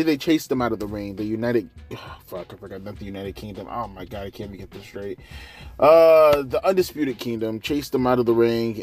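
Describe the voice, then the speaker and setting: A man ranting sarcastically through a wrestling show recap, exasperated and swearing heavily. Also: mid-range voice. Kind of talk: profane ranting review.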